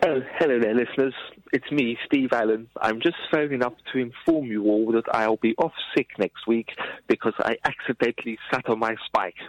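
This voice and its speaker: A man's voice: medium pitch, normal speed, no room sound, pitched below the performer's own voice, lightly acted, rough recording. A man putting on the voice of another male broadcaster, phoning in with a chirpy mock greeting.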